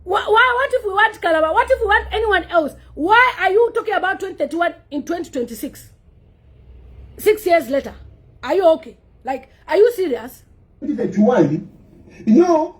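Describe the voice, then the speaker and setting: A woman hosts a fiery political commentary vlog. Her voice sits very high and leaps up and down, and she piles on scornful rhetorical questions at speed. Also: big pitch swings, normal speed. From Zambia.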